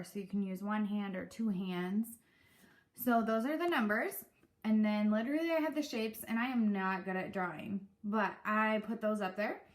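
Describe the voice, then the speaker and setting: Chatty woman teacher in an echoey room. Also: medium pitch. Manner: chatty, relaxed, with many fillers. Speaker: kindergarten teacher. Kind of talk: casual instructional talk to parents.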